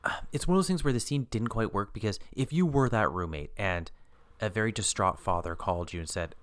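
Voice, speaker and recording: A man's voice: on the low side, fairly quick, no room sound. A man casually discussing a TV episode with a co-host, thoughtful and hesitant, often laughing. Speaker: podcast co-host. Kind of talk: casual chat recapping a TV episode.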